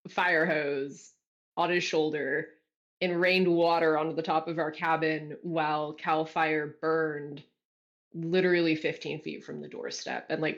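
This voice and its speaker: A guest author from California telling stories in a casual interview, animated and self-deprecating, laughing often, on a video call. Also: medium pitch. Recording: dull lo-fi audio.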